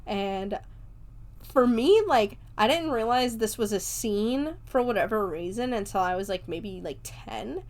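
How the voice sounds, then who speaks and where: A woman's voice: mid-range voice, lively intonation, unhurried. Chatty young woman recapping a film. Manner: chatty, many fillers and casual swearing. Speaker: podcast host. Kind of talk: casual movie recap.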